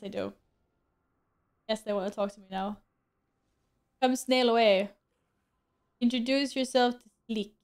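A woman's voice: on the high side, darkish tone. A woman streaming a game, chatting casually with viewers, joking at her own expense and laughing often. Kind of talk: casual gameplay stream chat.

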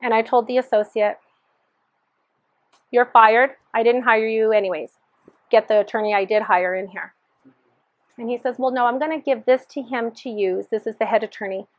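Woman guest giving her testimony, higher voice, earnest, acts out quotes; dull, dry recording. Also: a little fast, no room sound. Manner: earnest, re-enacts dialogue in quotes. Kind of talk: personal testimony storytelling.

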